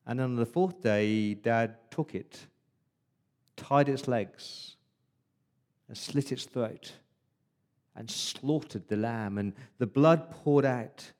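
A man preaching as an Israelite firstborn boy, telling the Passover night story in the first person, hushed in its dark moments. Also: medium pitch, slow, long pauses, pitched below the performer's own voice, close to an everyday voice. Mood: solemn. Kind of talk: first-person dramatic monologue in a sermon.

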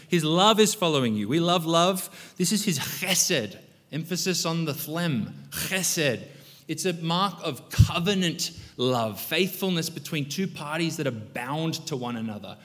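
A man preaching to a congregation with a somewhat high voice that carries a long hall reverb. He swings between loud, emphatic bursts and hushed, reflective stretches. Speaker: pastor. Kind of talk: sermon.

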